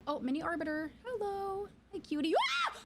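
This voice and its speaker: Super high pitched lady streamer, bouncy voice, yelps and swears at her game. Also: unhurried, noisy background. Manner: excitable, shrieks and swears at the game. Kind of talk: live gameplay commentary.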